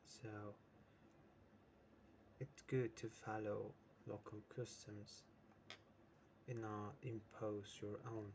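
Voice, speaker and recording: A man's voice: on the low side, little pitch movement, slow, vocal fry, long pauses, a little mellow, slight background noise. A man teaching an English lesson who explains with many examples and keeps checking in with "right?". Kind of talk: slow, patient English lesson.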